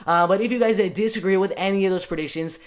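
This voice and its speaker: A young man hosting his own fight-prediction channel, talking casually and excitedly with lots of ums and restarts. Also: high voice, quick pace, background noise. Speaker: MMA channel host.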